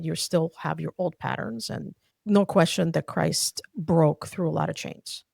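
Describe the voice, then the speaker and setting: Woman guest, heartfelt personal testimony; heavy vocal fry, dry close sound. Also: deep voice, no echo. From Soviet Union. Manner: earnest, heartfelt storytelling. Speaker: podcast guest.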